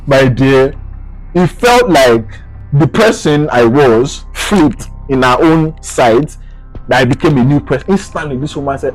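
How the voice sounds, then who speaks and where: A young man from Nigeria with a Nigerian accent, animatedly retelling a personal story as a vlogger, dropping to a hush and rising with excitement. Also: on the high side, measured pace, pauses often, soft background music, low-quality recording. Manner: animated, swings between hushed and excited retelling. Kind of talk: casual storytelling to camera.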